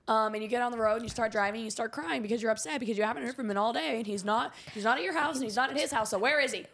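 A woman's voice: on the high side, rapid-fire, vocal fry, hardly any pauses, a bit bright. A young woman in casual group chat, telling a long story dramatically and acting out quoted lines.

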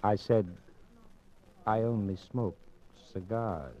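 A man's voice: lowish voice, animated, brisk, close to an everyday voice. A man playing a wealthy, courteous man under suspicion in 1940s radio acting, easygoing with hesitant restarts. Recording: dull lo-fi old radio recording, faint music.

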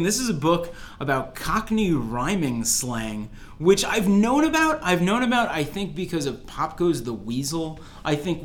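A young American man hosting a podcast, chatting casually and telling jokey stories with many "like"s and restarts. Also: a little high. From United States. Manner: rambling, filler-heavy, jokey storytelling. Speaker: podcast host.

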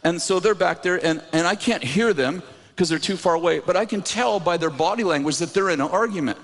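A man preaching, telling a story in an animated, self-mocking way with lots of laughter, in a church sanctuary. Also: high-pitched, fairly quick. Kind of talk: sermon storytelling. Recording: reverberant hall with faint noise.

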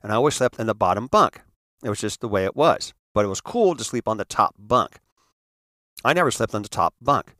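A man from the San Francisco area telling a personal story in an earnest, halting way, often restarting and repeating words. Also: on the low side, lively intonation, a bit bright, no room sound, clean studio sound. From San Francisco area, United States. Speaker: speaker telling his life story.

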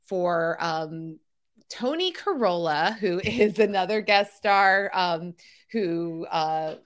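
A woman co-hosting a podcast, recapping a sitcom in casual chat, laughing often and filling pauses with "um" and "like". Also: lowish voice, lively intonation. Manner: chatty, laughs often, many fillers. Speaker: podcast co-host.

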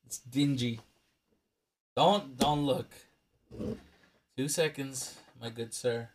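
A man's voice: medium pitch, steady tone, takes it slowly. A man co-hosting a podcast, chatting and joking while counting cards in a drinking game. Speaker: podcast co-host. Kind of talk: casual chat during a drinking card game.

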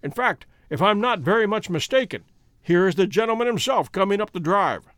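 A man doing a calm, stern detective. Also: high-pitched, dry recording, clean studio sound. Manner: measured and stern. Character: calm, commanding male detective.

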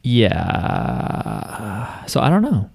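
A man's voice: fairly low pitch, wildly swooping pitch, drawn-out words, gravelly, darkish tone, slightly rough. A man hosting a podcast in casual chat, rambling and reading listener emails aloud. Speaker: podcast host.

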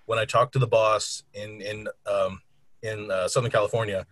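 A man on a casual podcast call who works for a knife company and tells animated anecdotes, acting out the people in them. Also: lowish voice, normal speed, no echo.

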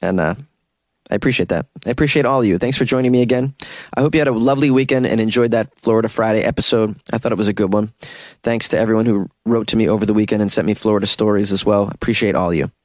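A man's voice: fairly low pitch, quick pace, darkish tone, no room sound, studio quality. A male podcast host talking casually to listeners in a chatty, self-deprecating way.

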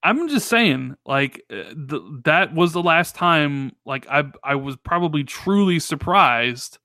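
A man co-hosting a casual gaming podcast, talking in an animated, rambling way full of restarts and fillers. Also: on the high side, a little slow, no echo, clean studio sound. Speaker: podcast co-host.

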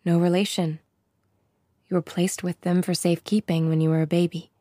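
A woman reading an audiobook voicing a brisk, practical adult woman, matter-of-fact. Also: fairly low pitch, level tone, mellow, no room sound, clean studio sound, close to an everyday voice.

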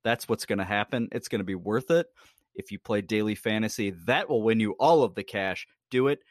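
A man's voice: fairly low pitch, a little fast, no room sound, studio quality. A man co-hosting a podcast, chatting casually about sports in a blunt, emphatic, teasing way. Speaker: podcast co-host.

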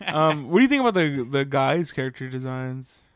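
A man's voice: mid-range voice, a little fast, dry recording. Laid-back hesitant man, dry sound. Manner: relaxed, hesitant, trails off. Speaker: podcast co-host. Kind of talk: casual anime review chat.

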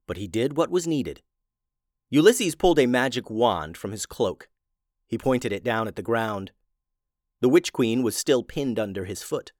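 A man reading a children's fantasy storybook aloud in a steady, expressive voice. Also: mid-range voice, no room sound, clean studio sound.

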